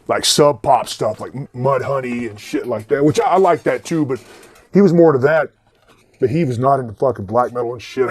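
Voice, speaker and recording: A man's voice: medium pitch, a little mellow, dry recording. A man in his forties telling rambling, profane stories about record stores in a casual way. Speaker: vlogger and record collector. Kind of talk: casual storytelling.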